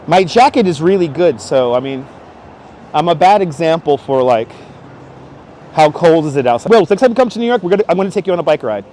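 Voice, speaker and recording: A man's voice: a little high, lively intonation, fairly quick, mellow, slight background noise. A man chatting casually with viewers while live-streaming as he walks city streets, greeting them by name and joking. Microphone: wireless clip-on mic.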